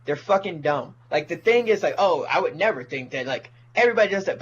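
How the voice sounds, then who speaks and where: A man's voice: on the high side, animated, brisk, fairly bright tone, slightly rough, highs cut off. A man, a comedian, ranting profanely in casual podcast talk and mocking people in put-on voices. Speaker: comedian guest.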